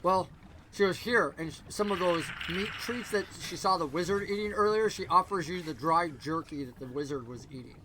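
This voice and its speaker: A man narrating a tabletop game as game master, rambling and dropping into quick character voices. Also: on the high side, noisy background.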